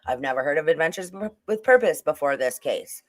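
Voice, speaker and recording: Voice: medium pitch, lively intonation, fairly quick. A livestream host giving casual true-crime commentary, rambling with frequent restarts and asides to the chat.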